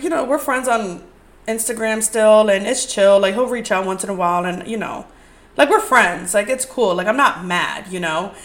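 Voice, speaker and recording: A young woman hosting a podcast, telling dating stories in a candid, profane, rambling way with lots of "like". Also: mid-range voice. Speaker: podcast host. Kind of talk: casual storytelling podcast.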